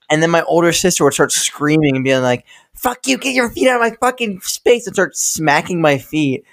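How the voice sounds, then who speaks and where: A young man co-hosting a podcast, telling stories in a loose, rambling way, swearing and laughing often. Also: mid-range voice. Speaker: podcast co-host. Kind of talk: casual storytelling chat.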